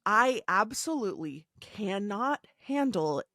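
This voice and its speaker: A woman's voice: mid-range voice, big pitch swings, slow, pushed and bright, no echo, clean studio sound. A woman co-hosting a podcast in casual chat, talking in an anxious, self-doubting, rambling way. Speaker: podcast co-host. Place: Seattle area.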